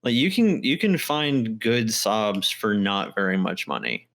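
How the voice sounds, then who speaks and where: A man's voice: lowish voice, big pitch swings, unhurried, vocal fry, a bit bright. A man as a guest contributor in a casual podcast chat, laid-back and swearing casually.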